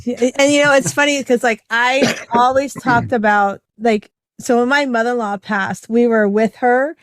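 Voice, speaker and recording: A woman's voice: fairly high pitch, steady tone, normal speed, no room sound. Middle-aged woman rambling through a story, lots of likes and you knows, dry close sound. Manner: chatty, many fillers, acts out quoted voices. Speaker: podcast host. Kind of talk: casual conversational storytelling.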